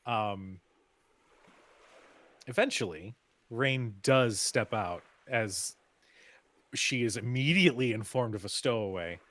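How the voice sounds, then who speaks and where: A man's voice: mid-range voice, slow, pauses often, fairly bright tone, no room sound. A man narrating as game master of a tabletop game, loose and laughing often.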